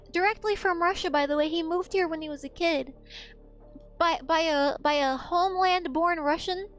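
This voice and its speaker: A woman's voice: very high voice, a bit bright. A woman streamer telling a story in a blunt, profane, rambling way. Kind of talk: casual storytelling on a gaming stream.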